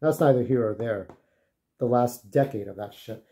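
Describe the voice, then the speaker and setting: A man's voice: mid-range voice, moderate pace, dark tone. A man telling casual, rambling stories, full of swearing, who keeps checking in with "okay?". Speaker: vlogger. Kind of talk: casual storytelling.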